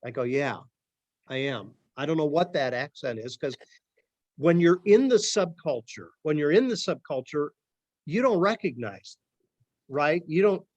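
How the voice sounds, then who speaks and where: A man's voice: a little high, expressive, unhurried, a little mellow, dry recording, muffled recording. A middle-aged man from Ohio with a Midwest accent, leading a church study group in a loose, conversational way with frequent ums. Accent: Midwest American. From Akron, Ohio. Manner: conversational, many ums and restarts. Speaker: Bible study leader.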